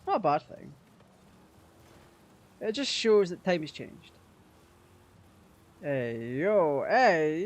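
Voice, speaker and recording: A man casually commenting on his racing game, sweary and quick to rage at the game. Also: a little high, sing-song. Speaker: gaming channel host.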